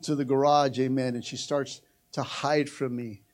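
An older man, a pastor, preaching a sermon with fervent energy, often calling out "amen" and rising to shouts. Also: mid-range voice, normal speed. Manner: energetic preaching with frequent "amen" and "come on, somebody", climbing to shouts.

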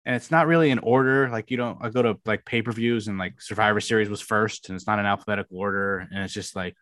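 A man co-hosting a podcast, grumbling with annoyed sighs. His voice sits low, and the sound is dry with no room around it. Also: fairly even intonation, fast talker, a bit bright, no echo. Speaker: podcast co-host. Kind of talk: casual podcast chat.

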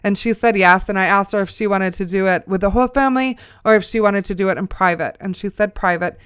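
A woman in her forties tells a family story as a testimony, talking the way she would to a friend while dropping in preacher-like asides. Her voice is exceptionally smooth and resonant. It is recorded close and dry, with no room sound. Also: mid-range voice, fast talker, fairly bright tone, no room sound. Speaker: mother sharing a testimony. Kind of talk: spoken testimony.

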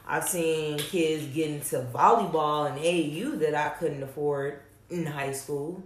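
A young woman with a fairly low voice talks candidly, cursing freely and telling stories with lively emphasis. The sound is roomy, with a noticeable echo around her. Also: a little slow, a little hiss or hum. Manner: blunt, profane, animated storytelling. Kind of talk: casual candid chat.

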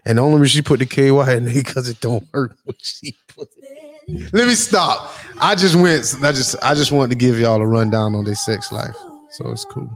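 A man co-hosting a casual chat, joking and telling stories in an animated way. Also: mid-range voice, normal speed. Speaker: podcast co-host.

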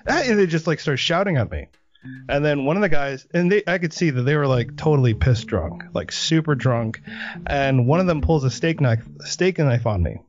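A man hosting a podcast, telling a story in a lively, animated way during a casual interview. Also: on the high side, normal speed, highs cut off, soft background music. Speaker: podcast host.

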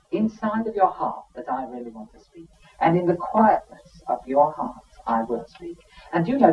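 A man's voice: high-pitched, dark tone. A man preaching a sermon in an emphatic, conversational way, with frequent asides to the listeners. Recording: dull sound from a distant mic.

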